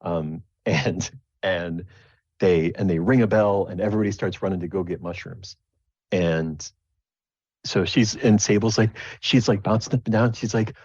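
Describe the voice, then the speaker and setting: A man's voice: low voice, moderate pace, darkish tone, breathy edge, no echo. A man narrating a tabletop game as game master, rambling with many restarts. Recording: dull lo-fi dry recording.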